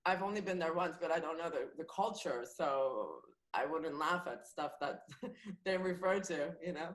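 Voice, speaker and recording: A woman comedian talks casually as a podcast guest, laughing easily and restarting her sentences as she goes. Her voice sits a little low. The recording has a roomy, echoey sound. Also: expressive, normal speed. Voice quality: chatty, laughs often, speaks freely with many restarts. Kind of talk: casual chat.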